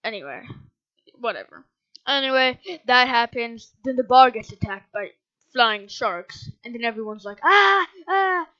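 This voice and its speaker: A woman with a fairly high voice rambles through a movie recap, sarcastic and correcting herself as she goes. The recording is dry and a bit dull and lo-fi. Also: moderate pace, fairly bright tone, dry recording. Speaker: movie reviewer.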